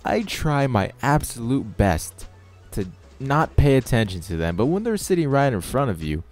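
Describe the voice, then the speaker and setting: A man's voice: mid-range voice, sing-song, moderate pace, a little mellow, soft background music. A young man telling a story over game footage in a sarcastic, exasperated rant. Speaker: channel host.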